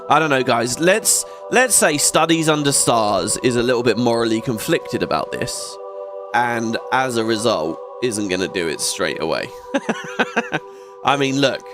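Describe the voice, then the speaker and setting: Lively, excitable male let's play host; chatty gameplay commentary, faint game music behind. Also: medium pitch, unhurried. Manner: chatty, excitable, swears often.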